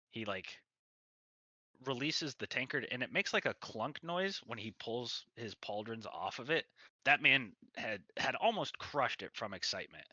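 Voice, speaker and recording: A man's voice: mid-range voice, expressive, unhurried, bright, forceful tone, no echo, muffled recording. A man narrating a tabletop game as game master, in a rambling way full of fillers.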